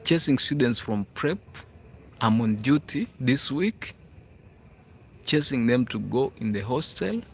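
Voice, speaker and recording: This man's mid-range voice is creaky, with lively intonation and an unhurried pace over a little hiss or hum. He's from Uganda, speaking Ugandan-accented English as a livestream host in a casual live chat, reading out viewer comments and dropping frequent "hmm?" check-ins, outdoors on school grounds at night.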